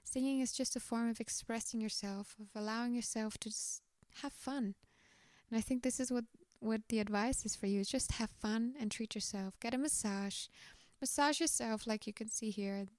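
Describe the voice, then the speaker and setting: A woman with a slightly tired voice giving a gentle, reassuring pick-a-card tarot reading, often dropping to a whisper. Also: a little high, normal speed, dry recording, clean studio sound.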